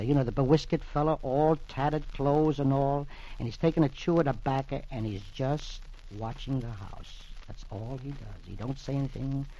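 Speaking at a medium pitch, this man presents the comics in the manner of a 1940s radio show, folksy, chatty and performing the characters' voices. The audio has a lo-fi old-radio quality, and there's no room sound.

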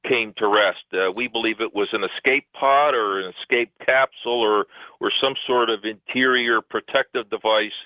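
Low-voiced male phone guest, rambling, emphatic, heard over a tinny, dry line. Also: normal speed, dry recording. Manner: rambling, emphatic, many fillers. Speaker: guest researcher. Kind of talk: phone-in radio interview.

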